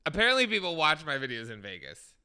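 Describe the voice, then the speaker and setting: Bright, lively gossiping young man. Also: a little high, fast, clean tone. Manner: animated storyteller, gossipy. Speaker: podcast co-host. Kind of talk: casual chat.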